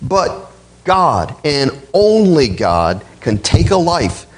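A male pastor preaching a sermon, with a slightly husky voice, quoting scripture and swinging his voice up high for emphasis. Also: slow pace, poor audio. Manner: expressive preaching, voice climbing high on quoted outbursts.

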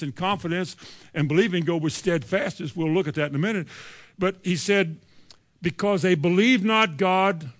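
A man preaching a sermon, reading scripture verses and retelling them in lively, folksy everyday speech. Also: high voice.

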